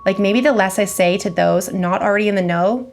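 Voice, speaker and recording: A woman's voice: medium pitch, brisk, a little hiss or hum, close to an everyday voice. A woman voicing a cautious female diner manager who speaks hesitantly and guardedly.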